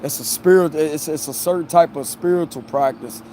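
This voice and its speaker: A man's voice: on the high side, moderate pace, dark tone, slight background noise. A man chatting loosely on a live stream, rambling, laughing often and tagging lines with "you know what I'm saying". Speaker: tarot reader streaming live. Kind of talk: casual live-stream chat. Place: outdoors near a tree and traffic.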